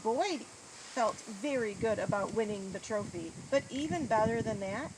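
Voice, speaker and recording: A woman reading a children's story aloud in an expressive storybook tone. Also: a little high, unhurried. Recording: noisy outdoor recording.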